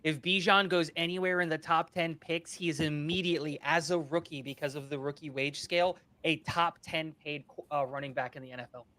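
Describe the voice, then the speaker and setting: A man's voice: fairly high pitch, fairly even intonation, fairly quick, hardly any pauses, sharp tone, no echo. A man in a casual football talk, arguing a point with emphasis. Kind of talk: casual chat.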